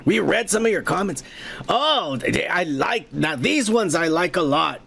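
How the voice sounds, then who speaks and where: A man hosting a podcast, tipsy from drinking, reading viewer comments in a rambling, profane, casual way with loud toasts. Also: high voice, animated, normal speed, vocal fry, slight background noise. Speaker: podcast host.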